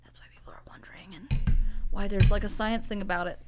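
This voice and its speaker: A woman's voice: mid-range voice, fairly even intonation, quick pace, noisy background. A woman co-hosting a podcast, rambling playfully in casual chat and laughing often. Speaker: podcast co-host.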